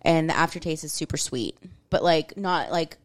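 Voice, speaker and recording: Lady on a podcast, lowish voice, lots of likes and ums, dry sound. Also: normal speed, no room sound. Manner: upbeat, filler-heavy. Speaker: podcast co-host. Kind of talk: casual chat.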